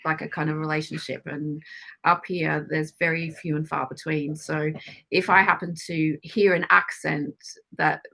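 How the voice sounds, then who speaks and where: A woman's voice: low voice, level tone, normal speed, vocal fry, sharp tone. An Australian woman being interviewed as a guest, talking casually and laughing often between phrases. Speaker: guest, club photographer.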